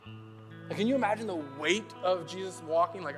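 Young male pastor with a high voice, chatty sermon, animated asides. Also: fast, over music. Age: young adult. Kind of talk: casual conversational sermon.

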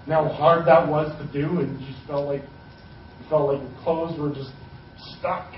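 A man's voice: a little high, steady tone, unhurried, far from the mic, slight background noise. A man preaching a sermon as pastor, casual and joking as he retells scripture in his own words. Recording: echoey hall, voice from off-mic, dull sound.

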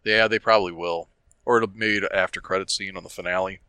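Deep bright-toned podcast man. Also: steady tone, smooth, no echo. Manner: agreeable, quick interjections. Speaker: podcast co-host. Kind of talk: casual chat.

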